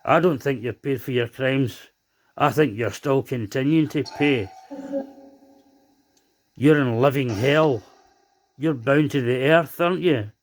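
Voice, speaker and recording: A man's voice: mid-range voice, unhurried, long pauses. A man hosting a paranormal spirit box session, questioning the spirit in a stern, accusing way. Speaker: paranormal investigator host.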